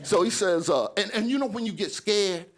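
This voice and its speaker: A man's voice: sits high, moderate pace. A man in his forties doing stand-up, telling a story with acted-out voices and a constant "right?". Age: 40s. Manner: animated, acts out voices, keeps asking "right?". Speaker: stand-up comedian.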